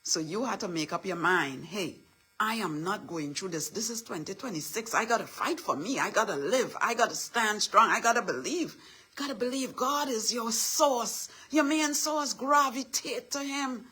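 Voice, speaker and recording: A middle-aged woman, giving a motivational talk in a husky voice with repetitive affirmations and a preachy manner. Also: a little high, lively intonation, moderate pace, pushed and bright. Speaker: motivational speaker.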